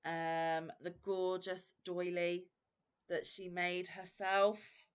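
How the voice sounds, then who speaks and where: Woman, vlogger; effusive and exclamatory, slightly low pitch. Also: little pitch movement, extremely slow, clean tone. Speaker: crochet vlogger. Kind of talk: unboxing vlog.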